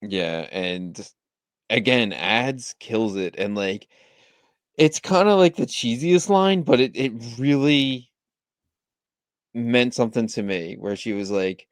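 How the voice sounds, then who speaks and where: A man co-hosting a casual podcast, excitable and laughing often, swearing and saying "like" and "dude". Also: mid-range voice, slow, smooth, dry recording, clean studio sound. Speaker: podcast co-host.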